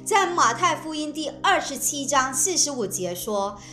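A woman interpreting a sermon phrase by phrase with expressive phrasing. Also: high voice, moderate pace, reverberant, soft background music.

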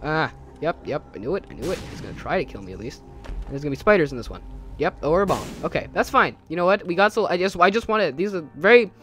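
A man's voice: fairly high pitch, lively intonation, fast, fairly bright tone, soft background music. A young man giving rambling, jokey commentary while playing a video game, talking to himself and easily startled. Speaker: gameplay commentator. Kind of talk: casual let's-play commentary.

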